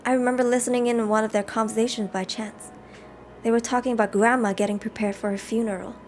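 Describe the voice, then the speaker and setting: A woman live-streaming a game, reading the story text aloud and chatting with viewers in an animated way. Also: on the high side, quick pace, a little hiss or hum. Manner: animated, chatty, reads narration aloud between chat replies.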